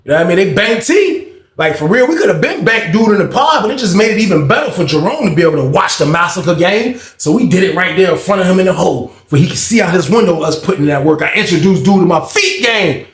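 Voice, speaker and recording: Young guy telling a storytime, slangy and animated, bit high voice, echoey room. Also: fast. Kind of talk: casual storytime monologue.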